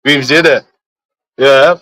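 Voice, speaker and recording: A man's voice: medium pitch, steady tone, normal speed, a bit bright, no echo, poor audio. A young man, chatting casually with friends in repetitive, laughing, slangy banter. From London. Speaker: streamer.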